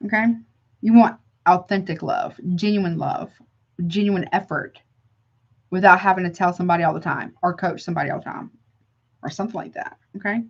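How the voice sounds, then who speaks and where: A woman's voice: lowish voice, fairly quick, muffled recording. Chatty woman tarot reader calling viewers honey. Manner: affectionate, calls viewers honey, chatty asides. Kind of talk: live tarot reading to chat.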